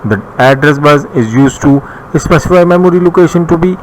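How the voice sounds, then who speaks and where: A man with a Bangladeshi English accent teaching a recorded computer lesson, reading his notes slowly with pauses and some restarts. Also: on the high side, rough recording. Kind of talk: recorded classroom lecture. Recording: faint background noise.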